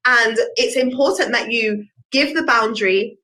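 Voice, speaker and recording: Bright-voiced woman podcaster. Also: a little high, normal speed, poor audio. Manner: earnest, reflective, gives personal examples. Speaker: podcast host. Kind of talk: solo podcast talk.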